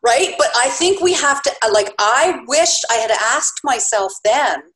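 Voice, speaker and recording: A woman's voice: high voice, measured pace. Chatty middle-aged woman. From Canada. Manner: chatty, animated, many fillers. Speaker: guest, bed and breakfast owner. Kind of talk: podcast interview.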